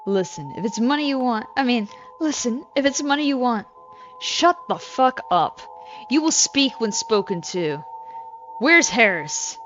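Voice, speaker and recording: A woman's voice: a little high, animated, a bit bright, dull audio, faint music behind, pitched above the performer's own voice. A woman playing a cold gangster intruder. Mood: menacing. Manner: slow, cold threats. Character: menacing male gangster intruder. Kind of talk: voiced game dialogue.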